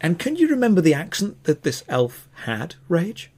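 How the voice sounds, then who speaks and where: A man's voice: on the high side, wildly swooping pitch, moderate pace, warm tone, breathy edge. Man narrating as dungeon master. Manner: playful, teasing narration. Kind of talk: narrating a tabletop game.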